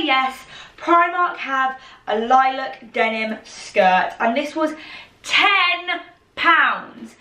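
Young female vlogger, chatty and self-mocking, slightly high voice, recorded in an echoey bedroom from a distance. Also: pushed and bright. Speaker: fashion vlogger. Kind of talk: casual try-on haul chat. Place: her bedroom, indoors. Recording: echoey room, mic set back.

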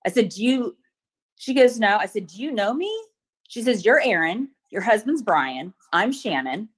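A middle-aged woman testifying at a court hearing over a video call, retelling events hesitantly with many pauses and ums. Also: mid-range voice, expressive, husky. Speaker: witness testifying at a protective order hearing.

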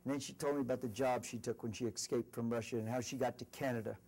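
A middle-aged man speaks to a university audience in an earnest, storytelling manner. His voice sits at an ordinary male pitch, and he builds his anecdotes with lively emphasis. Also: fast, husky. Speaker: corporate executive speaker. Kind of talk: motivational speech. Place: university lecture event.

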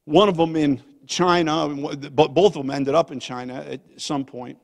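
An older man, a guest pastor, telling a family story in a sermon, swinging from loud to hushed. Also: on the high side, steady tone, normal speed, vocal fry. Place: church sanctuary. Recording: long church hall reverb.

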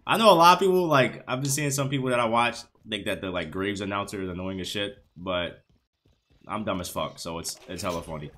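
A man's voice: on the low side, lively intonation, a little fast, sharp tone. A man giving casual, profane gameplay commentary, laughing often. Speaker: gaming streamer.

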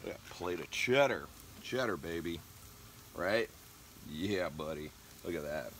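Hoarse, deep-voiced man grilling. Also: expressive, a little slow, a bit bright, slight background noise. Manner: enthusiastic, chatty, talks to viewers. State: hoarse from a cold. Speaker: cooking vlogger. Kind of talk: casual cooking vlog. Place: backyard grill and home kitchen.

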